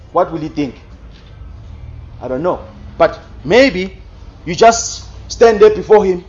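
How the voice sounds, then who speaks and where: A man delivers a forceful sermon in a notably high voice, pressing his listeners with rhetorical questions. He sometimes mimics babbling to mock empty prayer. The recording sounds muffled and lo-fi. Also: lively intonation, takes it slowly, pauses often, slightly rough. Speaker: preacher. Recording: dull lo-fi sound.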